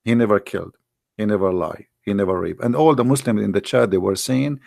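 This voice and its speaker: A man hosting a livestream who tells stories in animated, broken English and talks straight to his audience. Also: on the low side, brisk, creaky, no echo, clean studio sound. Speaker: livestream host. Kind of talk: casual livestream storytelling.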